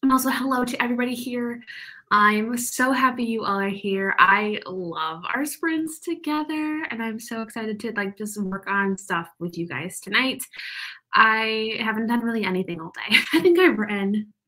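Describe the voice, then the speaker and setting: Bubbly bright-voiced woman chatting. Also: fairly high pitch, normal speed. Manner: bubbly, chatty, lots of "like" and laughs. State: a little out of breath. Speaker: livestream host of writing sprints. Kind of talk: casual chat reading live comments.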